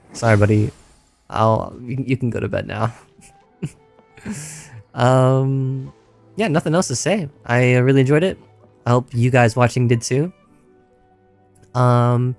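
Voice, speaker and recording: In a dry recording, a man with a medium, slightly mellow voice talks through a casual gaming livestream. He's tired and his voice is going, yet he keeps rambling, stammering, repeating himself and laughing often.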